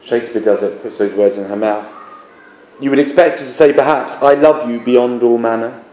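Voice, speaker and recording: A man's voice: medium pitch, moderate pace, warm tone. A man teaching a classroom literature lesson, explaining patiently and asking rhetorical questions. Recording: echoey classroom with background noise.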